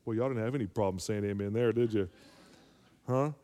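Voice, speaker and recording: A man's voice: on the low side, brisk, warm tone. A male pastor preaching a sermon, calling for amens and rising to emphatic peaks. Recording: long hall reverb.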